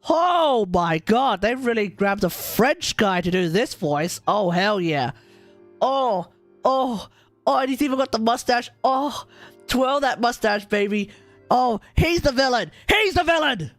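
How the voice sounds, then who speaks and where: An Australian streamer reacting loudly to a video game, excitable and crude. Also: mid-range voice, measured pace, no room sound, faint music behind. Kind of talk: live gameplay reaction.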